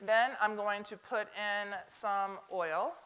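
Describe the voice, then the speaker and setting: A woman's voice: medium pitch, steady tone, slow, fairly bright tone, smooth. A middle-aged woman with a Southern American accent, giving a chatty, joking cooking demonstration to a live audience. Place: stage kitchen before a live audience.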